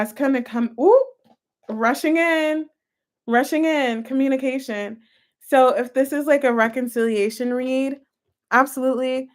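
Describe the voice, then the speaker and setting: A woman giving a casual tarot reading, chatty and excitable, talking straight to her viewers. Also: high-pitched. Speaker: tarot reader.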